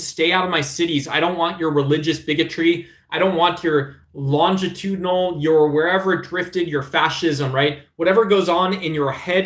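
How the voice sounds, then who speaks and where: Middle-aged male streamer, combative and rambling, slightly raised pitch, echoey room. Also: a bit bright. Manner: rambling and combative, frequent "right?" tag questions. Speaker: live-stream host. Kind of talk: casual live-stream chat about politics.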